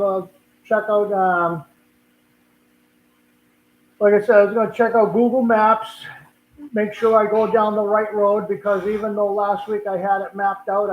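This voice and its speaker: The host of a casual livestream, an older man with a Boston accent, rambles on and keeps repeating and restarting what he says. His voice is on the high side for a man, and the sound is thin, phone-like, and full of room echo.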